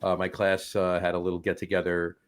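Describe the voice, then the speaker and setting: A middle-aged man co-hosting a casual podcast, talking in a rambling way with many pauses and restarts. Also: deep voice, monotone, clean tone. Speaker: co-host.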